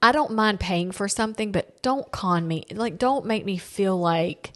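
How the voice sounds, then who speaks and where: A woman hosting a family podcast, telling stories in a casual, animated way, quoting people and laughing often. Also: medium pitch, unhurried. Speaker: podcast host. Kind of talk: casual chat.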